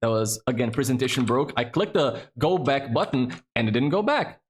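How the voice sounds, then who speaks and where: A man's voice: medium pitch, animated, fairly quick. A man hosting a trivia game on a live stream, chatty and casual, swearing freely as he thinks aloud.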